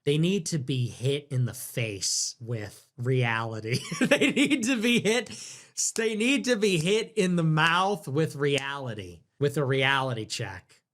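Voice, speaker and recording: A man's voice: medium pitch, expressive, unhurried, hardly any pauses, fairly bright tone. A young man hosting a livestream, reacting to chat in a crude, sarcastic, ranting way. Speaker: livestream host.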